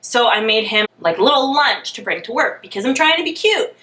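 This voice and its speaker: A young woman telling a dating story in a storytime vlog, animated, sarcastic and self-mocking. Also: on the high side, brisk. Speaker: vlogger. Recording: roomy, mic at a distance.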